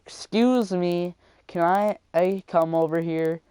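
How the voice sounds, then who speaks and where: A man voicing an annoying boy classmate who yells and drags out his words. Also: clear, resonant tone, no room sound. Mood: pleading. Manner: shrill, drawn-out shouting. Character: loud, annoying boy classmate, prone to yelling.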